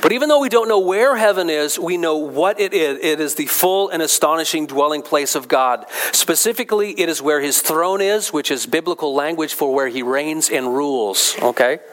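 A man preaching a sermon in a conversational way, with asides and restarts, rising in pitch and force when he stresses a point. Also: moderate pace, few pauses, a bit bright, a little hiss or hum. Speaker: pastor.

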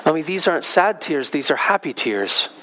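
A man quoting a little girl who has lost her grandfather, in his own slightly high voice. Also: very animated, normal speed, pushed and bright, low-quality recording. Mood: earnest. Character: little girl, tearful yet happy.

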